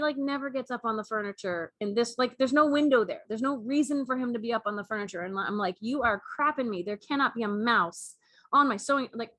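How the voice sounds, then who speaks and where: A woman co-hosting a chat show, telling a story in a casual, animated way and laughing often. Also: a little high, no echo. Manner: animated, laughing, acts out cat and mouse voices. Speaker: podcast co-host.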